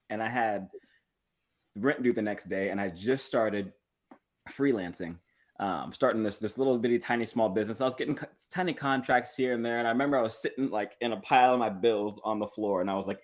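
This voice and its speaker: A man telling a heartfelt family story on a podcast, acting out the voices in it as he goes. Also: lowish voice. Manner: fast and expressive, acts out the voices in his story. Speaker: podcast co-host, one of the brothers. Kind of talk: casual storytelling among brothers.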